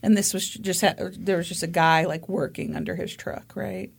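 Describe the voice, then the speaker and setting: A woman's voice: lowish voice, steady tone, normal speed, gravelly, husky. A woman co-hosting a podcast, reacting and joking in casual chat. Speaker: podcast co-host.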